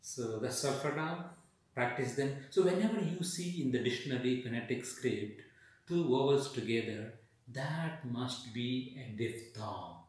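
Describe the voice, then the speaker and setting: Man, Indian English accent, pronunciation teacher, slow drilling repetition, mid pitch, distant mic. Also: a little mellow. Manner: slow, repeats each sound and word drills. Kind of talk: accent training lesson. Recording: echoey room, voice far from the mic.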